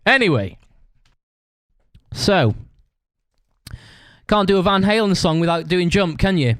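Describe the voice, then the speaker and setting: A man's voice: on the high side, lively intonation, normal speed, long pauses, clean tone, dry recording. A man hosting a podcast, rambling through a story in casual chat, swearing constantly. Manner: acts out other people's shouted lines. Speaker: podcast host.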